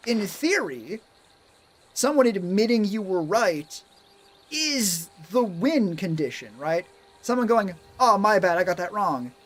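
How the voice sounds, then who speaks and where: A man streaming live, talking casually in a rambling, sarcastic way and swearing a lot. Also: high-pitched.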